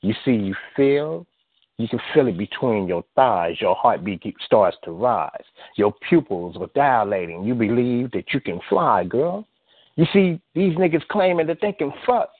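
Hoarse-ish guy doing spoken word, rhythmic, jumps up high, sounds like a phone line. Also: animated, moderate pace, dry recording. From US West Coast. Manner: rhythmic, rising delivery with sudden high bursts. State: slightly hoarse. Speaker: poet. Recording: tinny phone-like line, dry.

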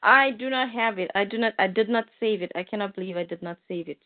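A woman's voice: mid-range voice, fast talker. A woman co-hosting a casual chat, hesitant and searching for words, over a phone-like line. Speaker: podcast co-host.

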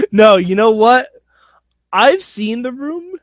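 A man hosting a podcast in excitable casual chat, laughing often. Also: very high-pitched, no room sound, clean studio sound. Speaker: podcast host.

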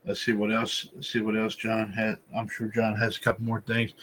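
A man's voice: fairly low pitch, monotone, brisk, a bit bright, low-quality recording. Rambling man hosting a wrestling podcast. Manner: rambling, heavy filler phrases, addresses listeners as folks. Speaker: podcast host. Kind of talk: casual wrestling commentary podcast.

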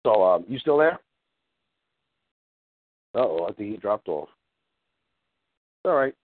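A man's voice: lowish voice, very animated, a little slow, dry recording. A male coach on a coaching call, rambling through a story with many fillers. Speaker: life coach. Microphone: phone call. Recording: tinny phone line.

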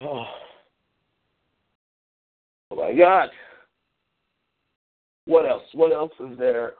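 A man hosting a call-in talk show, ranting with exasperation and swinging between high and low pitch. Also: drawn-out words. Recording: tinny phone-like line.

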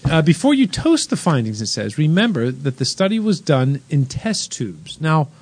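A man's voice: a little high, very animated, moderate pace, husky. A man hosting a casual chat show, reading out wine news with wry jokes and frequent laughter. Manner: wry, joking, laughs often. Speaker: host.

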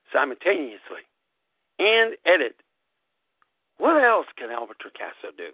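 A man hosting a live podcast, giving an emphatic, preachy motivational talk that repeats phrases and swings sharply up and down in pitch. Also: very animated, moderate pace, pauses often, breathy edge, dry recording. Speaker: host of a gaming club podcast. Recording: dry, tinny phone-like audio.

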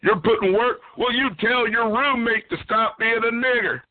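A man's voice: very high voice, normal speed, no room sound, phone-quality sound. A man making a taunting, provocative prank call on a phone chat line. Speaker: caller.

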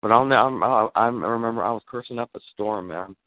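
A man on a call, telling a story in casual chat, animated and swearing, acting out the lines he quotes. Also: medium pitch, fairly quick, dry recording. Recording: tinny phone line.

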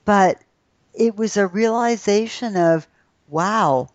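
A woman's voice: mid-range voice, slow, no room sound. A middle-aged woman in casual discussion, telling a family story and acting out the people in it. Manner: storytelling, animated quoting of her daughter. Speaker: co-host. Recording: slightly dull dry audio.

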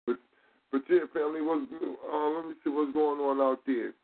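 A man with a fairly high voice hosts a casual call-in show. He comes through a tinny, phone-like line, animated and quick to laugh as he greets callers by name. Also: creaky.

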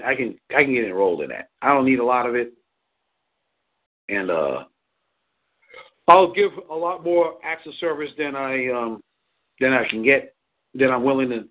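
A man giving casual relationship advice, rambling, repeating words and laughing often. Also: mid-range voice. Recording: tinny phone line.

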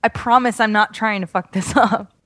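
A woman's voice: mid-range voice, steady tone, normal speed, a bit bright, no room sound. A woman reading lines in a comedy script read-through, giggling and apologizing as she trips over them. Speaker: cast member reading lines. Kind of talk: joking banter during a script read-through.

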